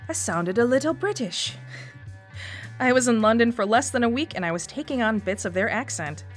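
A woman's voice: medium pitch, a bit bright. Woman with a Wisconsin accent telling her story. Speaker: radio storyteller. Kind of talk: scripted personal essay narration.

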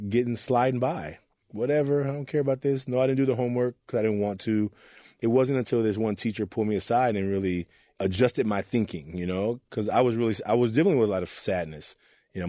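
This studio-quality clip, free of room sound, features a man with a lowish, warm voice. He's a youth mentor from Oakland, California, earnestly recounting personal stories in a candid interview and voicing the people he quotes.

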